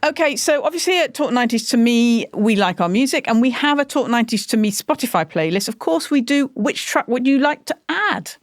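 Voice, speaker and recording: Cheerful podcast host woman, lively pitch. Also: brisk, hardly any pauses, no room sound. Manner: cheerful, laughs often. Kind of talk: interview and podcast outro.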